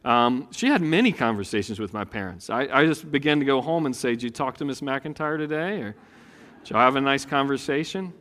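A middle-aged man, preaching a conversational sermon after a quiet prayer. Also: medium pitch, brisk. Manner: conversational, folksy, swings from hushed prayer to animated preaching. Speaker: pastor. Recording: long reverb in a hall.

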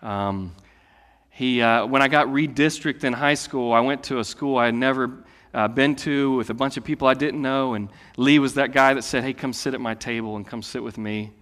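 A man in his late thirties, a pastor preaching a sermon in a conversational way that swings between loud declarations and hushed asides. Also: mid-range voice, fairly even intonation, moderate pace. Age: late 30s. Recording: long hall reverb.

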